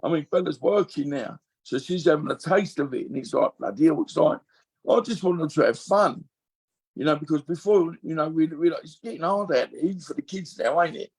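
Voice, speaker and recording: A man's voice: fairly high pitch, a little fast, darkish tone, husky. A middle-aged man talking candidly on a podcast, rambling with many fillers and restarts. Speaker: guest.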